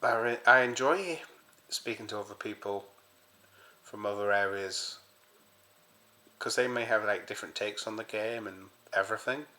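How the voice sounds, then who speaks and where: English man, fan-channel host, rambling casual chat, lowish voice with a bright, forceful edge. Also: moderate pace, pauses often. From south coast of England. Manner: rambling, restarts sentences often. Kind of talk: casual talk to camera.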